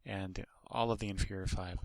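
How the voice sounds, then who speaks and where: A man's voice: low-pitched, fairly even intonation, normal speed, vocal fry, no echo. A man hosting a podcast, casually reviewing a comic book in a rambling way, with many restarts and asides.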